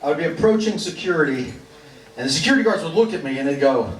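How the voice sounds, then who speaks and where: A man's voice: on the high side, animated, fast talker. Wry man telling a story in a club. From New York. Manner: wry, self-mocking, acts out voices of others. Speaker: musician telling a story on stage. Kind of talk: live stage storytelling. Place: club stage with audience. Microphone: stage microphone heard from the room. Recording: roomy live club recording from far off. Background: loud crowd laughter and club noise.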